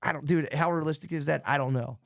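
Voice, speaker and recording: A man with a gravelly, fried voice rambles through a casual podcast chat, cursing freely and starting over mid-thought. He sounds wired on too much coffee. The sound is dry and close-miked. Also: fairly high pitch, steady tone, quick pace, no echo. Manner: rambling, profane, restarts often. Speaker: podcast co-host.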